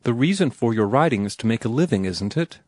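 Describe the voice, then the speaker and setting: A man's voice: medium pitch, expressive, fast, darkish tone, no room sound, clean studio sound, close to an everyday voice. A man voicing a prim, reproachful young woman in an audiobook, earnest and disapproving in how she questions. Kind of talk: audiobook character reading.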